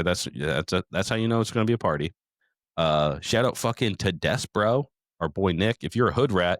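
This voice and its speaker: Middle-aged male podcast host, deep voice, dry close mic, profane rambling storyteller. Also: no echo. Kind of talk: casual recap chat.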